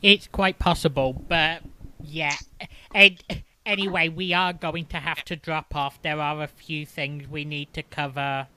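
A man co-hosting a podcast in casual chat, talking slowly with a mild stutter. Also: on the high side, fairly even intonation, bright, forceful tone, smooth. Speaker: podcast co-host.

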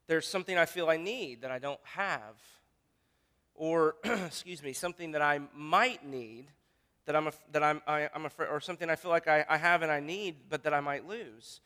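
Bright-voiced male pastor in a reverberant hall. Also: on the high side, normal speed, clean tone. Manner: earnest, thinks aloud with restarts. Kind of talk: sermon.

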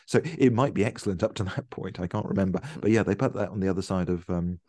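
Man, casual podcast chat, rambling restarts, slightly low voice, dry sound. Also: fast, warm tone, dry recording. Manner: chatty, trailing off with restarts.

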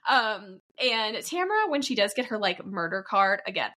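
Lively bright-voiced young woman chatting. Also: medium pitch, moderate pace. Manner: animated, laughing, mimics people in quotes. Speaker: podcast co-host. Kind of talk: casual recap chat.

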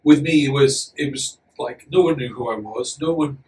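A man's voice: mid-range voice, normal speed, darkish tone. A man from West Wales, chatting freely as a podcast guest and telling stories. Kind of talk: casual chat. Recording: slightly distant mic, faint room noise.

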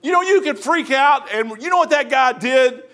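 High, bright-voiced folksy preacher man. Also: normal speed. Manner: folksy, animated storytelling, often says "man". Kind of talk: sermon with personal story. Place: church.

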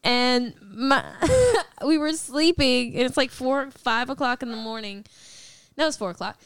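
A woman in casual chat, telling a story in an animated, giggly way. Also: high voice, unhurried, clear, resonant tone, no echo.

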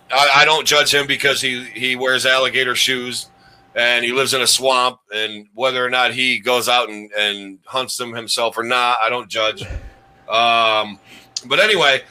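A man's voice: medium pitch, fairly even intonation, normal speed, sharp tone, low-quality recording. A man hosting a comedy countdown show, rambling with restarts and chuckling at his own jokes. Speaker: host.

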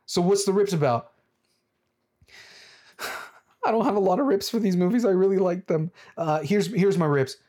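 A casual movie review vlogger who rambles with frequent restarts and fillers like "like" and "dude", and swings up into animated bursts. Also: mid-range voice, normal speed, pauses often.

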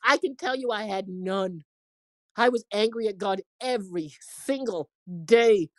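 A woman's voice: medium pitch, measured pace, no echo. A woman in her forties giving an earnest, emotional faith testimony, now and then acting out the voices of people she quotes. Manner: earnest and preachy, quoting others in acted voices. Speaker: inspirational speaker.

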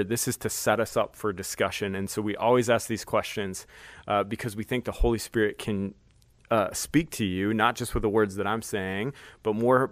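A man's voice: lowish voice, no echo. A man, a pastor, giving a conversational sermon with speech and frequent fillers.

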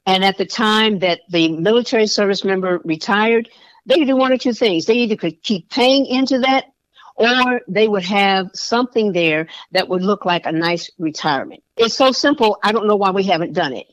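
A woman's voice: medium pitch, normal speed, no echo. A woman state senator and veteran, a podcast guest, talking with passion and repeating phrases for emphasis. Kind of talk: podcast interview. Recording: dull dry lo-fi recording.

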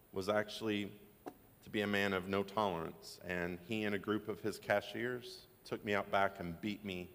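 A man's voice: on the low side, fairly bright tone, clear, resonant tone, long reverb tail. A man pastor preaching a sermon, telling stories with joking asides. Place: church sanctuary.

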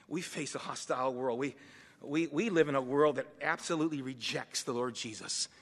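Bright-voiced preacher in a reverberant hall. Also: male voice, mid-range voice. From Massachusetts, USA. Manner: animated, swings between hushed and loud. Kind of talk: sermon with personal storytelling. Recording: long reverb of a large hall.

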